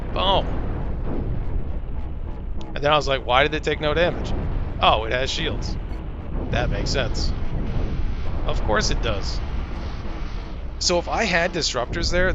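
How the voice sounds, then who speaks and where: A young man giving casual gameplay commentary from home, excitable and exasperated, pleading at the screen. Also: mid-range voice, muffled recording, noisy background. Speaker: gaming YouTuber.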